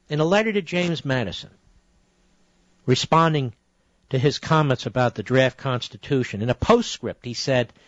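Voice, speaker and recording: A man's voice: mid-range voice, no echo. A middle-aged man hosting a political talk radio show, combative and often rising into indignant tirades. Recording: dry, slightly dull radio broadcast audio.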